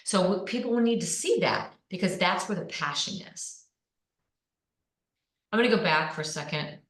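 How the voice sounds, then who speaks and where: A woman coaches presenters in an energetic, emphatic way, leaning hard on her keywords. Her voice sits a little low for a woman. The sound is roomy, with a clear echo around her. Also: normal speed. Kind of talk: online presenting lesson. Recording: echoey room.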